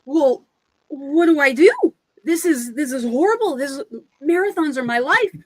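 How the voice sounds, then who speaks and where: Lady doing a high loud pirate dude freaking out about his running. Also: animated, slow, husky, full character voice, poor audio. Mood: panicked. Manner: anxious, pleading, rising to panic. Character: earnest male pirate marathon runner.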